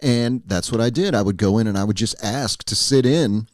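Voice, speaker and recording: A man hosting a podcast interview in relaxed, casual conversation, offering affirmations and his own stories. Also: lowish voice, moderate pace, dry recording, studio quality. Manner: easygoing, affirming listener. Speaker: podcast host.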